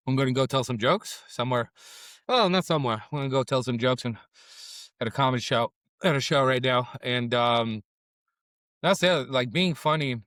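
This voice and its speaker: A man's voice: medium pitch, fairly bright tone, no room sound. A middle-aged man reviews tacos on camera in a loose, profane ramble, slipping between chewing noises and sad confession. He sounds close to tears, and his voice sits in a middling range. The sound is dry and close. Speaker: food vlogger and comedian. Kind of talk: casual food review vlog. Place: on camera at a taco restaurant.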